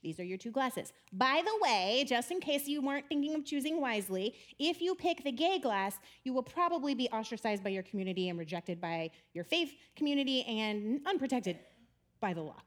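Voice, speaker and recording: A woman giving a chatty, animated storytelling talk about faith, often laughing as she speaks. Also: sits high, brisk, hardly any pauses.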